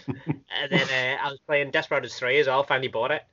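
Excitable guy chatting about games, bright sharp voice, muffled lo-fi audio. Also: mid-range voice, fast. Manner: chatty and excitable, laughs often. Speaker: podcast co-host. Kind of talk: casual chat. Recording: dull lo-fi recording.

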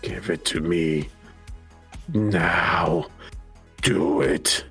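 A man voicing a huge goat-faced demon that makes slow, clipped threats. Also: deep voice, fairly even intonation, fairly bright tone, husky, soft background music, voice pushed down, heavily acted. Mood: menacing.

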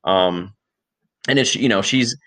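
A man's voice: on the low side, slow. A young man co-hosting a podcast, telling long rambling stories in casual chat with plenty of swearing. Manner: rambling, profane, animated storytelling. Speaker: podcast co-host.

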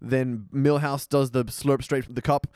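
A man talking casually as a podcast guest, recapping cartoon scenes with jokey, animated asides. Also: mid-range voice, normal speed, dry recording. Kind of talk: casual chat.

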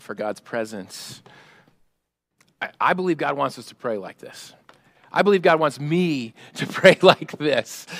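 A man preaching a sermon as pastor, animated, acting out prayers and quoting in a raised voice, with frequent laughs. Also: mid-range voice, no room sound.

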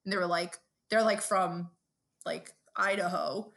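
A woman's voice: fairly low pitch, unhurried, gravelly. A woman from Brooklyn with a New York accent, co-hosting a casual podcast chat and telling stories with plenty of swearing. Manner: profane, storytelling, animated. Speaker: podcast co-host.

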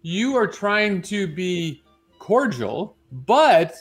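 A man's voice: high-pitched, big pitch swings, very slow, husky, faint music behind. A man co-hosting a morning radio show, patiently and persistently explaining his side of an argument. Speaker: radio co-host. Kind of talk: casual chat, arguing a point.

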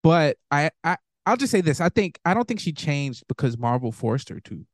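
A man's voice: fairly high pitch, sing-song, normal speed, no echo, clean studio sound. A man co-hosting a podcast in casual chat, easygoing and hesitant, with lots of fillers. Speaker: podcast co-host.

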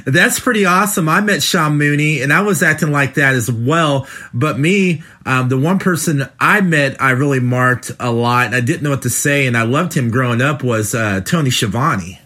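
A man's voice: mid-range voice, moderate pace, few pauses, sharp tone. A man in his forties hosting an interview, easygoing and casual with frequent fillers. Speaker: podcast host.

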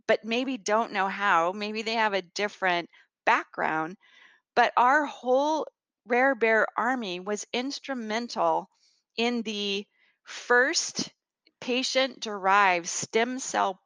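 A woman's voice: medium pitch, no room sound. A woman guest in a conversational interview, telling stories earnestly with some fillers and restarts. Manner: earnest, animated storytelling with fillers. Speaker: guest, rare disease research leader.

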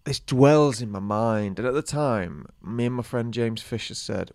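A man's voice: mid-range voice, a little slow, gravelly, a little mellow, no echo. A man, co-hosting a podcast and telling a long anecdote in casual chat, acting out the people in it. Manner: rambling anecdotal storyteller, acts out quotes. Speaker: podcast co-host.

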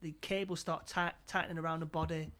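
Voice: medium pitch, level tone, quick pace, fairly bright tone. A speaker casually retelling a film's plot scene by scene, stumbling over and repeating words. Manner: stammering, repeats words often.

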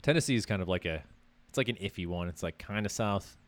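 A man's voice: sits low, animated, fast talker. A man co-hosting a podcast in casual chat, laid-back and rambling, laughing often. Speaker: podcast co-host.

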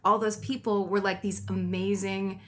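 Animated, laughing woman in casual chat. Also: medium pitch, normal speed. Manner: animated, laughs often, exaggerates for effect. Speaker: podcast guest, actress.

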